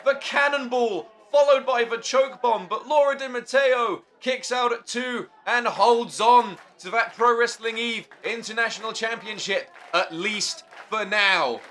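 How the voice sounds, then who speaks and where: A man calling a wrestling match play by play, excitable and shouting at the big moves. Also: very high-pitched, a little slow, hardly any pauses. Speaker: wrestling commentator. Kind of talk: play-by-play commentary.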